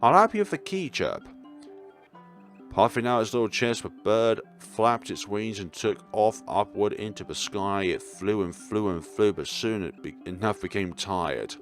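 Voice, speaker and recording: A young man reading a visual novel aloud, throwing in animated asides and jokes. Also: lowish voice, moderate pace, hardly any pauses, soft background music. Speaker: gaming YouTuber.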